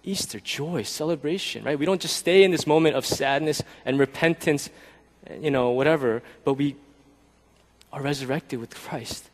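A man preaching a sermon as pastor, talking in a conversational way and often checking in with the listeners with a quick "right?". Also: on the high side, long reverb tail. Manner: conversational, keeps asking "right?".

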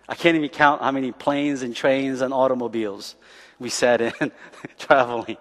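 Chatty storytelling pastor in echoey church. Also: male voice, mid-range voice, steady tone, moderate pace. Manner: chatty storytelling, laughs often, keeps asking "right?". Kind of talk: sermon.

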